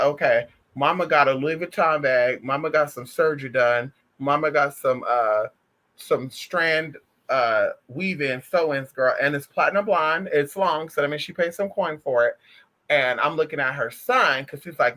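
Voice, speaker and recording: Sassy, bright-voiced man chatting. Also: on the high side, normal speed. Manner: sassy, animated storytelling with frequent "honey" and "girl"; profane and emphatic. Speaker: spiritual vlogger. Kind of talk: casual livestream chat.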